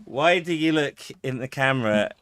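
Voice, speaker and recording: A gaming channel host, giving casual, joking gameplay commentary with crude banter and sudden high squeals. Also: lively intonation, normal speed, a bit bright, slight background noise.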